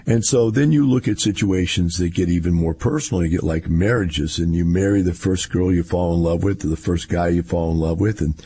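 A man's voice: low voice, a little fast, hardly any pauses, warm tone, husky. A man, rambling through a casual monologue in a folksy storytelling way.

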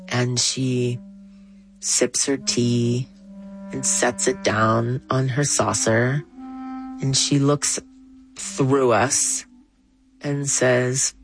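A woman, a writer, telling an animated first-hand story with soft music behind. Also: takes it slowly, vocal fry, pauses often, husky, no echo, low-quality recording. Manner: animated, rising pitch when excited. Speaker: interviewee. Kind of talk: storytelling in an interview.

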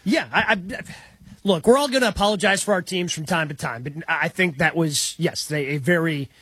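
A man co-hosting a sports talk show, with a high, husky voice. He speaks in a measured way and often restarts before he lands a point. The sound is dry and close. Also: fairly bright tone, no echo.

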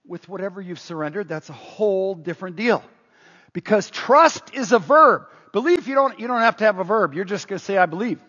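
A man preaching a sermon as pastor, animated, quoting scripture aloud. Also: sits high, quick pace, few pauses, husky. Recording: roomy hall, dull lo-fi sound.

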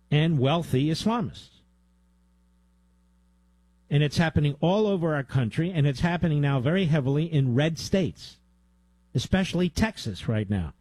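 An indignant male talk radio host with a dark, mellow tone. His voice is close and dry, with no room sound, and his pitch climbs as he presses each point. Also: no room sound. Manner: indignant, emphatic, rises in pitch when heated.

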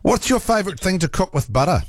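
A man's voice: sits high, very animated, fast, dry recording, clean studio sound. A man with a New Zealand accent hosting talkback radio, chatty and a little hesitant, laughing easily. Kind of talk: casual talkback radio chat.

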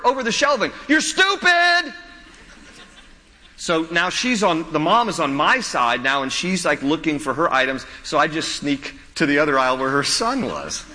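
High bright-voiced pastor in a reverberant hall. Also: male voice. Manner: animated storytelling with self-deprecating humor. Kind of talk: sermon.

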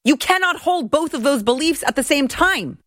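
A woman's voice: sits high, animated, normal speed, fairly bright tone, dry recording, studio quality. A woman in her thirties hosting a political commentary show, talking in an indignant, ranting way.

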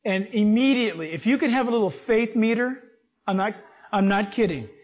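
A man preaching a sermon, reading scripture and telling personal stories in a lively, animated way. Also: high voice, fairly quick. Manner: animated, acts out voices in his stories.

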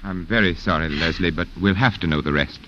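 An actor playing a methodical colonial official questioning a witness, in a 1940s radio drama style. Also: male voice, low voice, a bit bright. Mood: firm. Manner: firm, brisk questioning. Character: firm colonial investigator, calm and methodical. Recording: muffled old radio recording with hiss.

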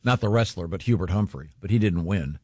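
A man's voice: deep voice, brisk, darkish tone, breathy edge, dry recording, studio quality. A man hosting a radio show, chatting casually and hesitating with fillers as he reads history notes. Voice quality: hesitant, filler-heavy delivery. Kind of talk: casual on-air banter.

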